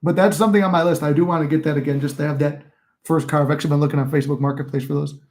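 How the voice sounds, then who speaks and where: A man's voice: fairly high pitch, steady tone, very fast, darkish tone. Profane young man rambling casually. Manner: profane, rambling storytelling, reads chat aloud. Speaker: livestream host. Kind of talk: casual livestream chat.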